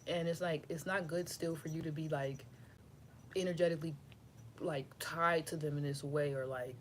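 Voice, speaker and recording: A woman's voice: low-pitched, fairly even intonation, normal speed, a little hiss or hum. A woman tarot reader, giving a loose, rambling, profane spiritual reading to camera.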